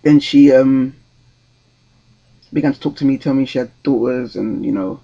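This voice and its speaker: Gravelly young man rambling. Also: mid-range voice, moderate pace, dark tone, highs cut off. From London, England. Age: 20s. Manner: rambling and hesitant, many ums and restarts. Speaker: vlogger. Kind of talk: casual storytelling vlog.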